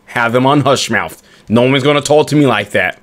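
A man trolling players over game voice chat on a headset, mock-serious and theatrical, often breaking into loud shouts. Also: medium pitch, normal speed.

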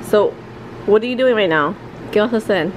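A woman vlogging her family day, talking in an expressive, excitable way and dropping in Spanish phrases. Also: mid-range voice, a little fast, noisy background. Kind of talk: casual daily vlog. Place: home, then outside in a parking lot.

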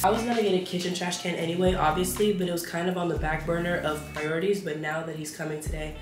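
A woman's voice: on the low side, fairly even intonation, quick pace, roomy sound, music in the background. Chatty young woman vlogging at home. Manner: chatty, talks to viewers while tidying. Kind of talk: casual vlog narration. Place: apartment kitchen, indoors.

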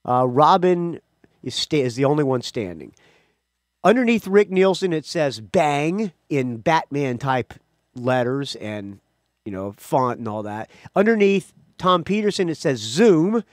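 Here a male music podcast host speaks at medium pitch with a sing-song lilt, a little slowly, on a dry, studio-quality recording. He chats on his own in a rambling way, often restarting, correcting himself, and going off on asides.

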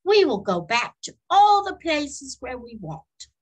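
A woman's voice: high-pitched, sing-song, takes it slowly, pitched above the performer's own voice, full character voice. A woman voicing a kind, cheerful little male frog who reassures his friend, for a storybook reading. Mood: reassuring.

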